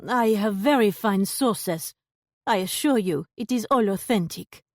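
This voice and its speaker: A woman's voice: medium pitch, unhurried, no echo, studio quality, lightly acted. A woman doing a defensive shopkeeper with a fake French accent. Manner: indignant, evasive, accent slipping in and out.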